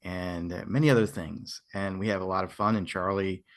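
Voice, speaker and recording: A man's voice: low voice, fairly even intonation, moderate pace. An American man guesting on a podcast, talking casually with hesitant, stammering restarts. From United States.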